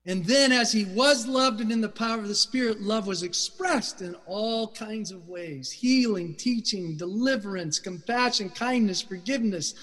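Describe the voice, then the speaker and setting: Brief: middle-aged male preacher, fervent and emphatic, fairly high voice, echoing sanctuary. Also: moderate pace, hardly any pauses. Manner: passionate, loud and emphatic. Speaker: guest speaker. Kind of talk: sermon. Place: church sanctuary. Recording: reverberant church hall.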